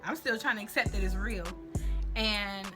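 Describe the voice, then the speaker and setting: A woman's voice: mid-range voice, normal speed. A young woman tells a personal story in a candid, slangy, faith-centered vlog. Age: young adult. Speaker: vlogger. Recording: music playing underneath.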